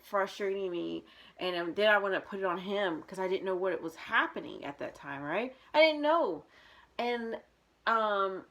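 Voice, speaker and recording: A woman's voice: medium pitch, fairly bright tone. A young woman vlogging, telling a personal story in a candid, rambling way with many fillers and restarts.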